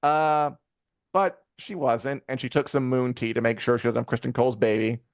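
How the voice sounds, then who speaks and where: A man co-hosting a live review show in casual chat, rambling and animated, with many fillers and acted-out quotes. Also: mid-range voice, normal speed, dry recording, clean studio sound. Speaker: podcast co-host reviewing a TV episode.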